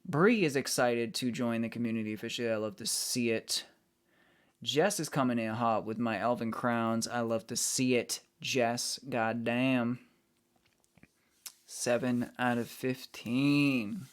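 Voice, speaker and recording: A man's voice: medium pitch, steady tone, measured pace, smooth. A man streaming, chatting casually with his viewers and greeting them as he reads the chat. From United States.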